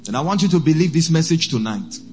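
A man, a priest preaching a sermon, who slows down and repeats phrases for emphasis. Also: a little high, expressive, darkish tone, soft background music.

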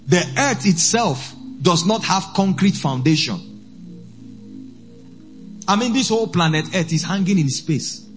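A man, a priest preaching a sermon, who slows down and repeats phrases for emphasis. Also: high voice.

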